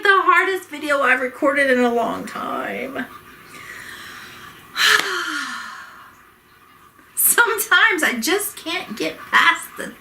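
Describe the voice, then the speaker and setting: Woman venting on a vlog, high voice, bright and sharp, swearing, agitated, close to tears, faint hiss behind. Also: animated, drawn-out words, long pauses, poor audio. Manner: swearing, exasperated, heated. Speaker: vlogger. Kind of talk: emotional personal rant to camera.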